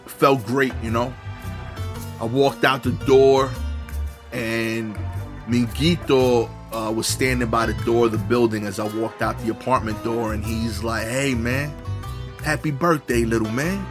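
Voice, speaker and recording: A man's voice: medium pitch, flat delivery, unhurried, over music. Wry New man telling a story. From New York. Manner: conversational, many "you know" fillers, wry asides. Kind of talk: comedic personal storytelling.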